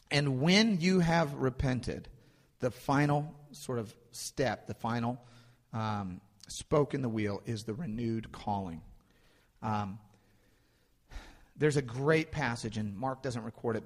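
A man delivers a sermon in a relaxed, conversational manner, stacking repeated phrases to drive each point home. His voice sits at an ordinary pitch for a man, and it rings out with a long reverb tail, as in a church sanctuary. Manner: conversational, builds emphasis through repetition. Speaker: pastor.

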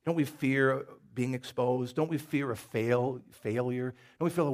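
A man's voice: medium pitch, a little slow, few pauses, a little mellow. A man preaching a sermon in a folksy, conversational way, with jokes and stories and a Southern US accent. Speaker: pastor. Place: church.

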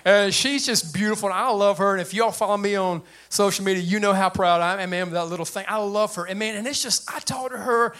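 An older man preaching with a high voice that sits well above most men's. His tone is bright and forceful, and he talks in a lively, plain way to his congregation. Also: a little fast, few pauses. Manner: animated preacher with a light, high voice and plain speech. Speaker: pastor. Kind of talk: sermon.

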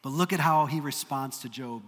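A man's voice: mid-range voice, moderate pace, a bit bright. A man preaching a sermon as pastor, emphatic and earnest, with dry humorous asides. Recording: long reverb of a large hall.

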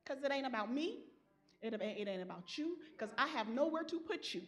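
A woman preacher delivering an impassioned sermon, swinging from soft, low passages to loud, rising calls. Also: animated, brisk.

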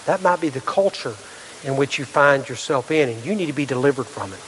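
A man's voice: mid-range voice, animated, brisk, fairly bright tone, a little hiss or hum. A middle-aged male pastor preaching a sermon, earnest, full of rhetorical questions and restarts. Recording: long hall reverb.

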